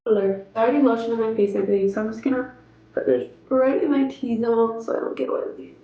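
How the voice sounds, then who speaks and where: A young woman with a hoarse voice from a cold, chatting casually through a makeup tutorial step by step. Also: fairly high pitch, steady tone, quick pace, warm tone, dull audio. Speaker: beauty vlogger. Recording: echoey room, faint background music.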